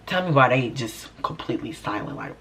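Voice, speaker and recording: A young man telling a sassy, animated story about a past job, in a casual storytime vlog. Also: medium pitch, a little fast, slight background noise. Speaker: vlogger.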